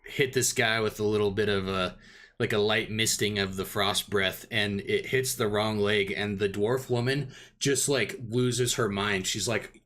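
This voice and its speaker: A man's voice: fairly low pitch, steady tone, a little slow, fairly bright tone. A man running a tabletop game as dungeon master, narrating in a rambling way with many fillers.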